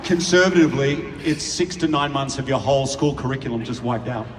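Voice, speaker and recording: A man's voice: medium pitch, a little fast, distant mic, very noisy. An Australian man joking playfully with the audience between songs on a large outdoor stage. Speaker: stage performer. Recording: echoey live venue taped from the crowd. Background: orchestra and audience.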